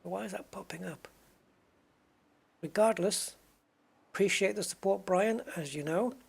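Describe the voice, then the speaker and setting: A man with a gravelly, slightly husky voice that sits a little high, rambling through chat messages while he plays. He wanders off on tangents and teases himself as he answers viewers at his desk. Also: a little slow. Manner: rambling and self-mocking, reads and answers chat. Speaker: gaming streamer. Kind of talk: casual live-stream chat.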